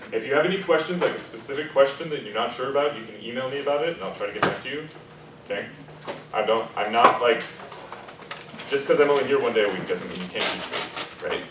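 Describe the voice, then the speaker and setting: A man teaches a diction class, recorded from far off in a very echoey room while the class murmurs. His pitch moves lively as he explains. He checks in with his students constantly and draws out example lines slowly. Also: background noise. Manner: explanatory, checks in often with "okay?" and "right?". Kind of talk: classroom lesson.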